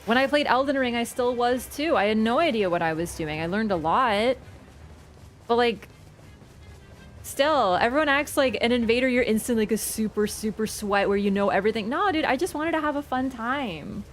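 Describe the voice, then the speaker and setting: A young woman game streamer chatting casually with her viewers, telling stories in an animated, excitable way and swearing freely. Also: moderate pace. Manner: animated, excitable storytelling with sudden high squeals. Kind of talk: casual livestream chat. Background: background game music.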